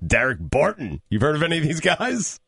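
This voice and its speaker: A man co-hosting sports talk radio, quick and teasing, laughing often. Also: fairly high pitch, huge pitch swings, vocal fry, a bit bright, husky, no room sound, studio quality.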